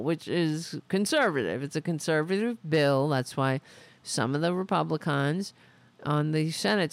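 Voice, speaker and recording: Woman, podcast host, political rant, sarcastic, profane, lively swooping pitch, dry close sound. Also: no room sound.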